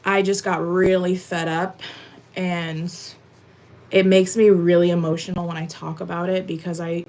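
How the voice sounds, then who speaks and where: With a lowish, darkish voice and a level tone, a young woman from Massachusetts rambles casually to viewers at a moderate pace while doing chores at home. She's a bit out of breath and leans heavily on "like" and "um."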